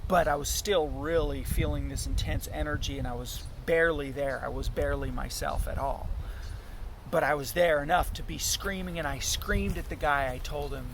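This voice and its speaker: A man with a gravelly, slightly high voice tells a personal story in a halting, earnest monologue, often breaking off and restarting his sentences. Loud background noise with passing vehicles sits under the recording. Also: expressive. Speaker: musician telling a personal story.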